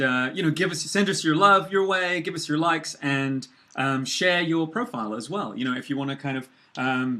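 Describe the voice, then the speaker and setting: A British man co-hosting a live marketing video chat. His voice is bright and forward. He jokes a lot and rambles through his points, with plenty of ums and restarts. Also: mid-range voice. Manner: joking, rambling with many fillers. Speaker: co-host.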